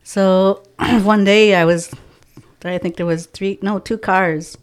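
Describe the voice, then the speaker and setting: A woman telling stories in a casual podcast chat, animated, acting out the dialogue of the people in it and laughing often. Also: mid-range voice, takes it slowly, clean tone. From from a First Nations reserve community. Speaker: guest, community outreach organizer.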